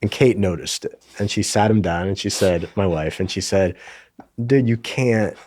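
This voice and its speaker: A man's voice: low-pitched, moderate pace, a little mellow. Middle-aged man telling a rambling story. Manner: rambling storyteller with frequent restarts. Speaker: guest, TV writer and creator. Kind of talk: casual podcast conversation.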